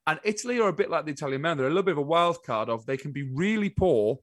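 A man co-hosting a casual chat show, telling stories in an animated, exasperated way. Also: a little high, rapid-fire, no echo. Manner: animated storytelling, exasperated asides. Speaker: podcast co-host.

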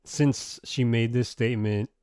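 A man's voice: medium pitch, fairly even intonation, a little slow, a little mellow, smooth, no echo, studio quality. A man co-hosting a podcast in casual chat, trading wry, teasing quips. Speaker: podcast co-host.

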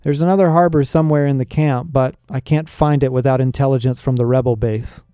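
A man reading an impatient leader who clips his words and gives orders without patience. The voice stays mellow and low-key, with a dry, close sound. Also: steady tone, brisk, clear, resonant tone, dry recording, close to an everyday voice. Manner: curt and commanding.

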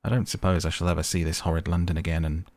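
A man reading the part of a rough, blunt young man with a good-natured grumble. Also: low-pitched, little pitch movement, very fast, darkish tone, dry recording, natural voice. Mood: grumbling.

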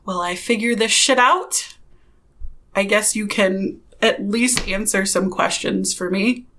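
A woman's voice: medium pitch, slow, fairly bright tone, a little hiss or hum, voice pushed up. A woman voicing a blunt, wary young adventurer who pushes with hard questions. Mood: pushy.

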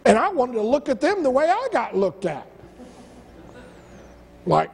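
A man's voice: very high voice, huge pitch swings, unhurried, creaky, long pauses, husky. A male pastor preaching a sermon, stacking rhetorical questions and stumbling over restarts. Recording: long church-hall reverb.

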